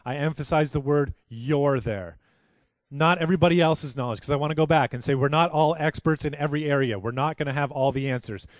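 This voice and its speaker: A man's voice: a little high, no room sound. A man preaching a sermon as pastor, earnest and conversational, with frequent restarts.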